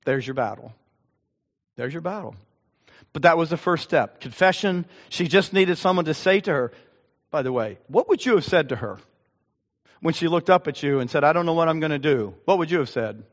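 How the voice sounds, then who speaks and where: A male pastor delivering a sermon with a personal story, earnest and halting, with frequent ums. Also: a little high, lively intonation. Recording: long hall reverb.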